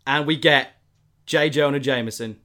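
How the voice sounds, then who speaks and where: A man's voice: mid-range voice, moderate pace, pushed and bright. A man, casually and animatedly retelling a film plot, rambling with lots of fillers.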